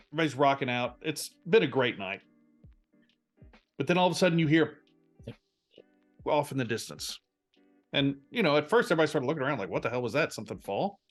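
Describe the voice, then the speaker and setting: A man narrating as game master of a tabletop role-play game, telling the scene in an animated way with frequent restarts. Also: a little high, normal speed, pauses often, soft background music.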